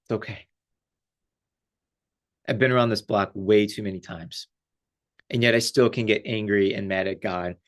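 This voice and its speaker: A man, a life coach, giving a casual, animated spiritual talk with lots of fillers and frequent laughter. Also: lowish voice, normal speed, pauses often.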